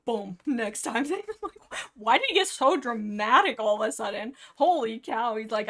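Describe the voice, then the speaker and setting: A woman's voice: fairly high pitch, normal speed. A young woman hosting a livestream, chatting casually about books she loves and acting out lines with playful over-the-top drama. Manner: chatty, giggly, acts out dialogue with exaggerated drama. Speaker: livestream host discussing a book series. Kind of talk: casual rambling book chat.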